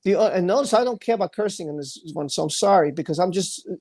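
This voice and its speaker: Talking quickly in a high, darkish voice, a man vents his anger on a livestream. The rant is forceful and repetitive, and he keeps stumbling over what he's saying.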